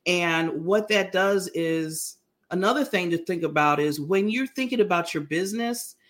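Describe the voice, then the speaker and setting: A middle-aged woman talking casually as an interview guest, animated and laughing often. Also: fairly low pitch, normal speed. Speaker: guest, brand founder.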